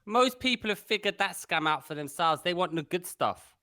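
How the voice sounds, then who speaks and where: A man banters on a comedy podcast with dry, mock-pompous interjections. His voice sits slightly high and sounds close and dry, with no room in it. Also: expressive, normal speed, sharp tone, no room sound. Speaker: podcast co-host. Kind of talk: casual chat.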